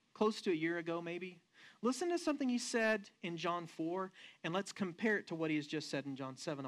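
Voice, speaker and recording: A male pastor delivers a sermon in an animated storytelling manner and keeps asking his listeners questions. He stretches some phrases slowly and rushes others to stress a point. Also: high-pitched. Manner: slows down and speeds up for emphasis.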